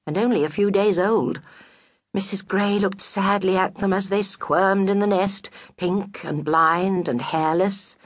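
A woman narrating a children's storybook with an expressive, wry delivery. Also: fairly low pitch, husky, dry recording, studio quality. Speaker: audiobook narrator.

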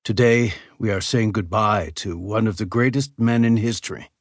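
A man voicing a patient father who calmly explains things to his small son in an audiobook. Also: lowish voice, moderate pace, no echo, clean studio sound, lightly acted. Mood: solemn. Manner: calm, steady explaining.

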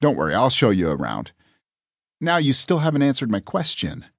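A man's voice: mid-range voice, wildly swooping pitch, normal speed, gravelly, fairly bright tone, no room sound, studio quality, voice pushed up, exaggerated voice. A man voicing a naive, eager first man in an audiobook, talking in a wide-eyed way. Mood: casual.

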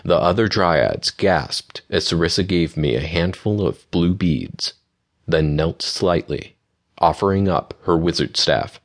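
Deep-voiced male audiobook narrator. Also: vocal fry. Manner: steady, measured reading. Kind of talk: scripted narration.

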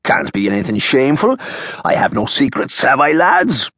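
A man's voice: medium pitch, very animated, normal speed, a bit bright, slightly rough, no echo, pitched above the performer's own voice. A male audiobook narrator voicing a short, swaggering Irish saloon keeper with an Irish accent and a brash, showboating manner. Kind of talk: audiobook character voice.

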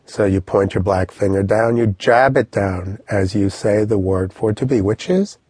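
Man, language teacher, low husky voice, dry close sound, lively storytelling. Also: moderate pace, no room sound. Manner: lively, vivid storytelling with instructions. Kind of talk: audio language lesson.

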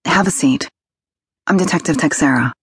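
Woman voicing a brisk, guarded detective. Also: deep voice, slightly rough, no room sound, studio quality.

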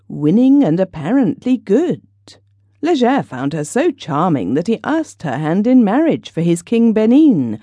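A woman narrating a children's fairy tale audiobook with clear, expressive storytelling. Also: on the low side, dry recording.

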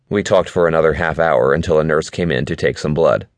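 A man narrating a novel in the first person, in calm, measured storytelling. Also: very deep voice, dry recording. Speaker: audiobook narrator. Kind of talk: scripted narration.

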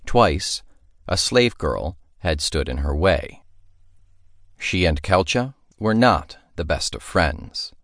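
A man narrating a fantasy audiobook in a measured storytelling manner, recorded in a studio. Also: sits low, very animated, a bit bright, no echo.

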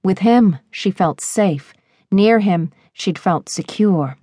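A woman narrating a romance audiobook in a measured, expressive reading on a close studio mic. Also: medium pitch, breathy edge, no room sound.

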